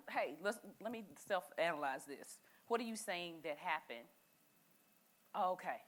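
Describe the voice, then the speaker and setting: A woman leading a church group session, speaking in an animated, encouraging and direct way. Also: on the low side, measured pace. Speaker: session leader. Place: church meeting room.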